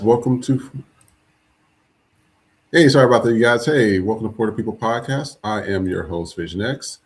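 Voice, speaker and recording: A man hosting a live podcast alone, chatting casually and greeting viewers by name with lots of fillers. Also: fairly low pitch. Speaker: podcast host. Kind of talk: casual live-stream chat.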